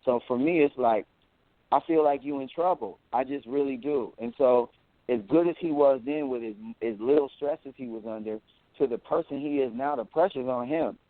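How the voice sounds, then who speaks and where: A man talking as an interview guest, boastful and animated, who often repeats words as he goes. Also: mid-range voice, normal speed, no room sound. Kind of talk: casual interview talk. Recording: tinny phone-like audio.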